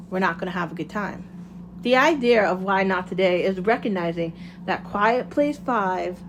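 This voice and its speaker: A woman's voice: medium pitch, a little hiss or hum. A woman hosting her own show, talking through a casual motivational monologue in a candid, rambling way and swearing freely. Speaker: podcast host.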